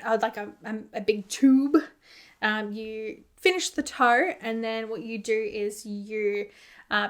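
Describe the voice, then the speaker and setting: A woman's voice: on the high side, fairly bright tone. A woman hosting a knitting podcast in casual chat, rambling with lots of "like" and laughing at her own mishaps. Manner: chatty and rambling, often says "like".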